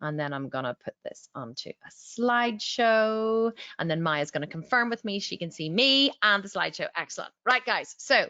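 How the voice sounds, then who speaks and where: A woman's voice: mid-range voice, expressive, moderate pace, pushed and bright, no echo, muffled recording. A middle-aged woman hosting a live webinar from a small office, chatting upbeat and reading out viewer comments. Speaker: webinar host.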